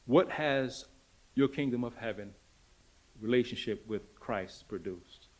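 A man preaching a sermon, emphatic and dramatic, swinging between loud declarations and hushed lines and repeating rhetorical questions. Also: mid-range voice, a little slow.

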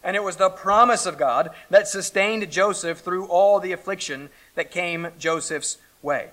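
A man delivers a sermon in a bright, forceful voice that sits a little high. He reads scripture and then explains it in a conversational way. His delivery swings between loud emphasis and hushed asides. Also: a little slow. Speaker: pastor.

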